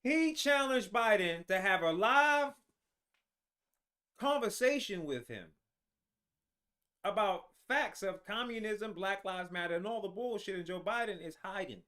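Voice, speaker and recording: Host, male, high and bright voice, heated profane rant, stumbles and restarts. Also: animated, measured pace, pauses often. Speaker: show host. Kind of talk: ranting political commentary.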